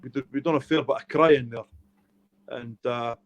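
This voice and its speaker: A man's voice: mid-range voice, steady tone, moderate pace, lo-fi sound. A middle-aged Scottish man, an author being interviewed, telling his life stories in a heartfelt, emotional way. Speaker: author guest. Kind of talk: candid storytelling interview.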